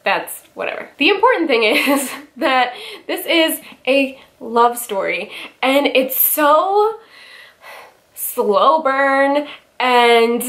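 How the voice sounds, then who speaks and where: Young woman book vlogger, tearful, gushing, slow-paced, higher voice. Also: a bit bright. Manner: gushing, emotional, many fillers. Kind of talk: casual book review vlog.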